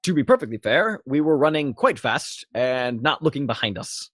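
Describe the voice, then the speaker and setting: A man's voice: medium pitch, sing-song, normal speed, no echo, clean studio sound. A man playing a flustered, bumbling human ranger in his thirties, polite and fussy.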